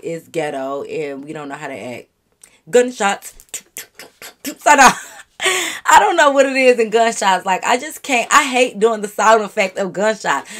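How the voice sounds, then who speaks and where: A woman vlogger telling a story straight to her viewers in an animated, profane, casual way. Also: medium pitch.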